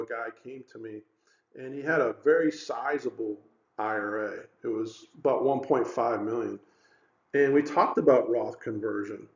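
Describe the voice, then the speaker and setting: A financial advisor man presents a webinar in a relaxed, conversational way, full of fillers and little stories. His voice sits at an ordinary pitch for a man. The sound is roomy and a little dull. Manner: conversational, animated storytelling with many fillers.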